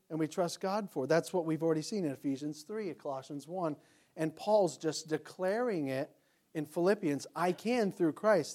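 A male pastor preaching a sermon, asking rhetorical questions, building in force and then dropping low. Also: a little mellow.

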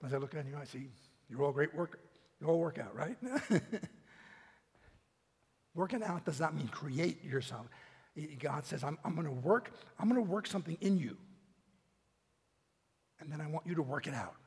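A man's voice: a little high, moderate pace, pauses often, a little mellow, slightly rough. A man preaching a sermon as pastor, talking in a loose, conversational way with restarts and small laughs. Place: church hall. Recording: long echo of a big hall.

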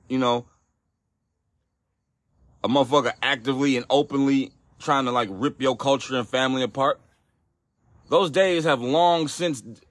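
A man's voice: mid-range voice, a bit bright, dry recording. A man hosting a solo podcast, ranting in a profane, exasperated way with frequent restarts. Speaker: podcast host.

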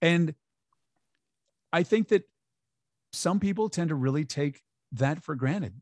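A man's voice: a little high, animated, takes it slowly, long pauses, darkish tone, no room sound. Upbeat man, dry close sound. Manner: upbeat, emphatic, acts out quoted voices. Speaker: guest. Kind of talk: conversational interview.

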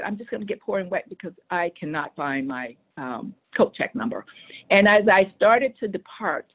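Storytelling woman on a tinny line. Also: lowish voice. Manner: animated, acts out quoted voices. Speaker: guest telling a story. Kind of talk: conversational storytelling.

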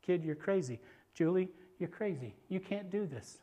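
A man's voice: high voice, expressive, moderate pace, dark tone. A fatherly king who doubts and dismisses a youth, as a male preacher acts him out. He talks down kindly but firmly. The voice stays close to the preacher's own. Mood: dismissive. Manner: dismissive, patronizing.

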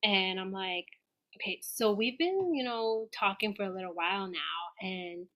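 A woman guest on a podcast telling a personal story in a casual, animated way, acting out her own quoted dialogue. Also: medium pitch, a little slow.

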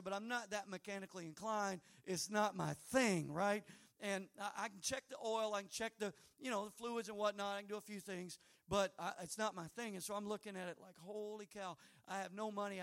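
A preacher telling a folksy, rambling story from the pulpit. His voice sits very high and bright, and he climbs toward loud, fervent praise. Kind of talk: sermon storytelling.

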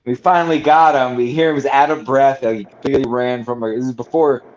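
A man's voice: medium pitch, steady tone, fast. A man co-hosting a podcast, telling stories in casual chat with lots of fillers, restarts and swearing. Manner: rambling storyteller with many fillers and restarts, swearing. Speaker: podcast co-host. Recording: slightly dull lo-fi sound.

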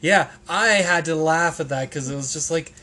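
A man's voice: fairly high pitch, moderate pace, sharp tone. A man hosting a casual podcast, rambling and hesitant, with plenty of restarts and ums. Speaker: podcast host.

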